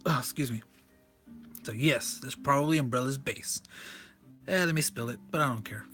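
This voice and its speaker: Male reviewer, casual and excitable, restarts and self-corrections; bright, sharp tone, faint music underneath. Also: mid-range voice, normal speed. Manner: enthusiastic, rambling, self-correcting. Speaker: comic reviewer. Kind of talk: casual comic walkthrough.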